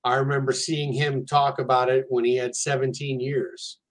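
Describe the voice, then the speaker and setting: An earnest man speaks plainly and candidly as a guest, with a mid-pitched voice and a steady, direct delivery. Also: normal speed. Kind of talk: casual conversation.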